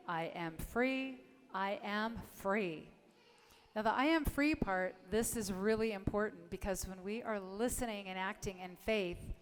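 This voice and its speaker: A woman's voice: fairly high pitch, big-room sound. A woman reverend giving an encouraging sermon, leading her congregation in affirmations and often asking "right?". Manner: warm encouraging preaching, leads congregation in affirmations. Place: church sanctuary.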